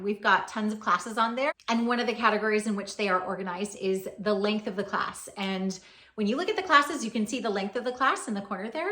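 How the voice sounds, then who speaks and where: A woman's voice: mid-range voice, bright, forceful tone. Joking blunt woman in an echoey room. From Hawaii. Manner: blunt, joking, sometimes swears. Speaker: yoga teacher. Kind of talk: casual Q and A vlog.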